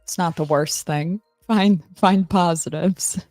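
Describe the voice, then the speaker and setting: A woman's voice: lowish voice, slow, darkish tone, no echo, clean studio sound, faint music behind. A woman hosting a live stream in a casual, rambling, self-mocking chat, answering her viewers.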